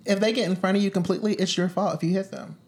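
A woman's voice: medium pitch, fairly even intonation, rapid-fire, darkish tone. A woman co-hosting a casual podcast. She teases her partner and speaks bluntly. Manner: teasing, blunt. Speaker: podcast co-host.

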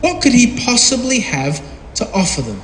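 A man with a high voice preaches a sermon, firing questions at his listeners and slipping into other voices. He is heard in a big room with a long, ringing echo. Faint ambient noise sits underneath. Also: huge pitch swings, normal speed, fairly bright tone. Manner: asks the audience questions and acts out voices in quotes. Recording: echoey hall with long reverb, faint ambience.

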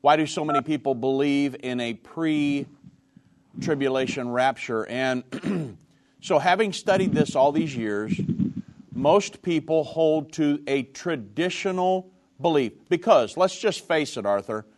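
A man hosting a call-in radio show, explaining points slowly and repeating them. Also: on the high side.

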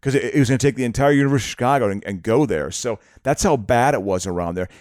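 A man chatting casually on a podcast, stumbling and repeating words as he rushes through stories. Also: mid-range voice, no room sound, studio quality. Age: adult, past grad school. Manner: animated, repeats words, quick tangents. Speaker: podcast co-host. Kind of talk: casual chat.

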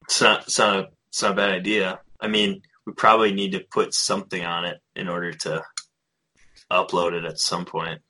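A man co-hosting a podcast in casual chat, laid-back and quick to laugh. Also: low-pitched, flat delivery, pushed and bright. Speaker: podcast co-host. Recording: home room, dogs and dripping audible.

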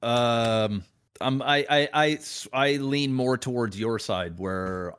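A man's voice: medium pitch, slow pace, fairly bright tone, smooth. A man co-hosting a podcast, talking casually in a hesitant, stammering way with swearing. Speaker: podcast co-host. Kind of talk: casual chat.

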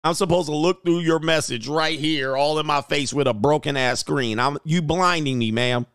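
A man's voice: a little high, normal speed, fairly bright tone, smooth, no room sound, studio quality. A man, hosting a casual livestream about dating, joking, laughing often and swearing freely. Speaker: dating coach streamer.

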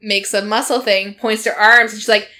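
A woman hosting a podcast, recapping a reality show in an animated, chatty way, laughing often and using lots of fillers. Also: medium pitch, fairly quick, heavy background noise. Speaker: podcast host.

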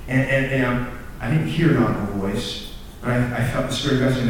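Fairly quick and mid-range, this young man's voice carries a story through a sermon to students, with a little hiss or hum. He's earnest and self-deprecating, laughing at his own stories, repeating and restarting words as he gets going. The recording is distant, in a very echoey large room full of students.

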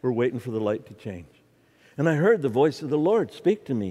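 A man's voice: mid-range voice, brisk. A middle-aged man preaching a humorous sermon in a church, telling stories and joking with the audience. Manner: storytelling, animated, jokes with the audience. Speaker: guest preacher. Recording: church hall reverb.

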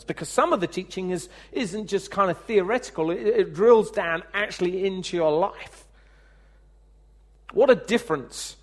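A man preaching a sermon as pastor, talking conversationally, asking the congregation questions, and acting out the speech he quotes. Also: sits high. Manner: lively, acts out quoted speech.

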